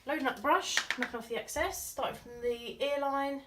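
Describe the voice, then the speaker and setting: A woman's voice: high-pitched, brisk. A woman, a makeup artist talking through a look in casual, playful chat as she works. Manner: chatty, playful, giggly asides. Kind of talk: casual tutorial chat while working. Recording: slightly distant mic with faint noise.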